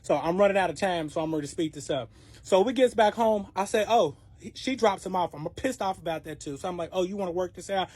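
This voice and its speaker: Storytime creator, casual monologue, husky, dramatic, profane, acts out quotes, dry close sound. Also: medium pitch, fast talker, darkish tone, dry recording.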